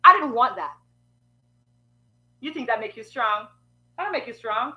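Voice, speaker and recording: A woman's voice: a little high, animated, moderate pace, dull audio. A woman giving frank, sassy advice in a preachy monologue full of rhetorical questions.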